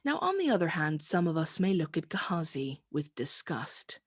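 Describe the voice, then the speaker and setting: Female preacher, lowish husky voice, dry close sound, measured reflective delivery. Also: big pitch swings, no echo. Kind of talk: sermon.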